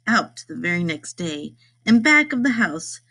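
A woman reading a rhyming picture book aloud, in a lively sing-song way. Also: lowish voice, measured pace. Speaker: storybook reader.

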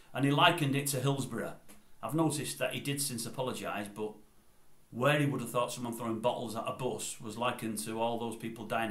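Older bloke, mid-pitched, digressive vlogger rant, recorded in an echoey room. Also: male voice, fairly bright tone. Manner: rambling, digressive, opinionated. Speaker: YouTube commentator. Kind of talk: casual opinion vlog.

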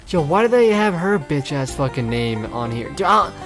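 A young man casually commentating his gameplay, swearing and getting exasperated with loud outbursts, with game music behind him. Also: a little high, sing-song, moderate pace. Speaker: gameplay streamer.

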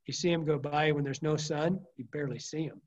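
A man's voice: a little high, fairly even intonation, brisk. Rambling storytelling fly fishing instructor, man. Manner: rambling, colorful storyteller with frequent restarts and mild swearing. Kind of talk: casual presentation with anecdotes. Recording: dull lo-fi talk recording.

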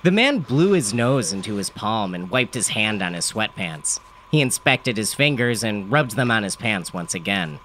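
A man's voice: fairly low pitch, sing-song, normal speed, few pauses, a bit bright, slight background noise. A man narrating a comic story in a dry, matter-of-fact first-person delivery.

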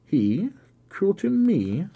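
A man reading a classic novel aloud, voicing an anguished young blind woman in a high, raised voice. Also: sing-song, a little slow, husky, phone-quality sound, full character voice. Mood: incredulous. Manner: high, loud, cries out.

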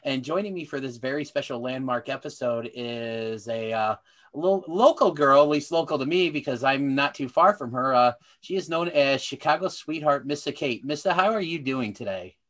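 A man's voice: mid-range voice, animated, normal speed, a bit bright. Guy hosting a wrestling podcast, easygoing and rambly, lots of uhs. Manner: friendly, rambling, with fillers and restarts. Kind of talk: casual interview hosting.

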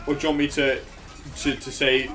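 A man's voice: medium pitch, level tone, brisk, fairly bright tone. A young American man streaming a game, talking brashly to his chat and swearing freely. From United States. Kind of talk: live game stream commentary. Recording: faint game music behind.

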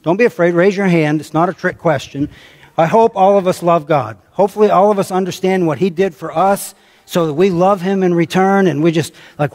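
A man's voice: sits high, fairly quick, darkish tone. A male pastor with an American accent preaching a sermon, conversational, calling on the congregation and repeating phrases for emphasis. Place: church sanctuary. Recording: long reverb of a church hall.

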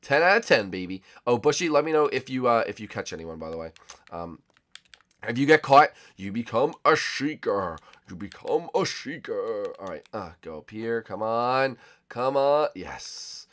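At a moderate pace, a young man does excitable, laid-back gameplay commentary for his gaming channel, his volume veering from yells down to mumbles.

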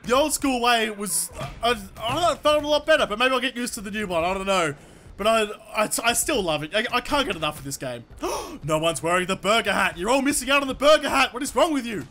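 Loud, excitable high-voiced man. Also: quick pace. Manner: loud, excitable, swears and yells often. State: sore throat from yelling. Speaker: gaming YouTuber. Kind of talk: let's play commentary. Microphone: desk microphone.

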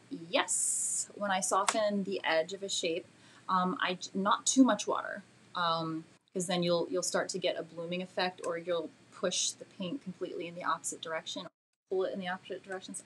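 A woman teaching a live painting demo and answering viewers' questions, chatty and self-deprecating, with many fillers, talking gently while she works. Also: fairly low pitch, a little fast, slight background noise. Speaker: art instructor.

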